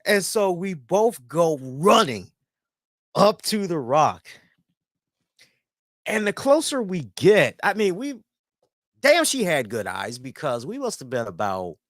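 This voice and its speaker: Animated man telling a story. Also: a little high, slow pace, pauses often, no room sound, studio quality. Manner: animated, rambling, swears freely. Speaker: host and columnist. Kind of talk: casual storytelling review.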